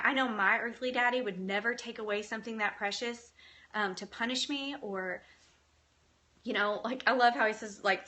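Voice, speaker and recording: A woman hosting a live video, speaking in an earnest, gentle and encouraging way as she reads viewer comments. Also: a little high. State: tearful at times. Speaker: faith-based live video host. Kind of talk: live-stream talk, reading comments.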